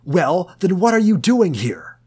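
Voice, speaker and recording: A man reading the part of a cold, menacing older man with curt, clipped threats that rise into yells. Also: fairly low pitch, unhurried. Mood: yelling.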